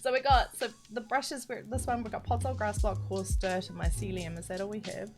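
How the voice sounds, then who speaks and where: Casting: giggly Kiwi woman, mid-pitched, live-streaming to chat, music bed underneath. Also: steady tone, fairly quick. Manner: chatty, giggly, reads chat messages aloud. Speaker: streamer teaching map building.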